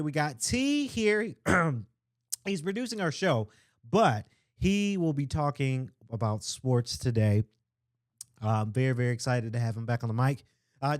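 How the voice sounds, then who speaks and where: A man hosts his own podcast in a loose, rambling way, full of shout-outs and hype-man catchphrases. His voice sits a little on the high side and sounds slightly strained from shouting. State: throat a bit strained from shouting. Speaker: podcast host. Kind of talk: casual solo podcast talk.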